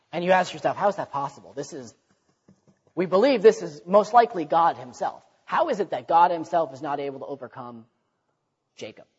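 A man's voice: on the high side, slightly rough. A man preaching a sermon in a conversational way, often repeating words and acting out quoted speech. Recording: dull recording in a reverberant hall.

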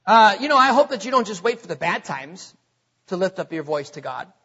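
A man preaching a sermon as pastor, asking the congregation questions and drawing out key words slowly. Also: high-pitched, very animated, pushed and bright, slightly rough. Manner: preaching with call-and-response questions. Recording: dull lo-fi audio with long reverb.

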